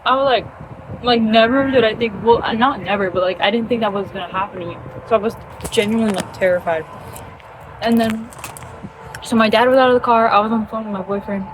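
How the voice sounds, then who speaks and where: A woman's voice: fairly high pitch, steady tone, fast, background noise. A young woman telling a casual story in a chatty, rambling way, full of fillers.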